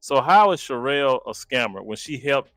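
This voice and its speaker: A man's voice: mid-range voice, expressive, moderate pace, fairly bright tone, no room sound. A man from Dallas, hosting a casual reaction commentary with chatty, exasperated asides to viewers. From Dallas, Texas. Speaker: commentary channel host.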